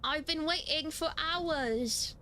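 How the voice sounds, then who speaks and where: A woman's voice: sits high, animated, moderate pace, fairly bright tone, slight background noise. A woman voicing a small talkative parasite creature in a put-on British voice, reading game dialogue aloud. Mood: chatty.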